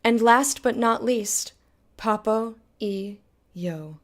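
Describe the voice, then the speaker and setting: Slow, theatrical woman hosting an awards show. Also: a little high. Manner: theatrical and hammy, teasing a silent co-host. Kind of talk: mock awards-show presenting.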